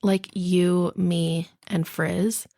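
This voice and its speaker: A woman's voice: fairly low pitch, level tone, drawn-out words, vocal fry, warm tone, dry recording, clean studio sound. A young woman guest telling stories in casual chat, bubbly and laughing often. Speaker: podcast guest.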